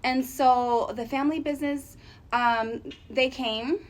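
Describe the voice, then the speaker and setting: A woman telling a casual storytime on her vlog, chatty and animated with lots of fillers. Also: sits high, slow pace, low-quality recording. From Arizona, USA. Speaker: vlogger.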